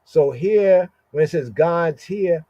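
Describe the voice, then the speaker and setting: A man teaching scripture on a podcast, explaining slowly, repeating words and often asking "right?". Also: fairly high pitch, dark tone, no room sound, muffled recording. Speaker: Bible teacher.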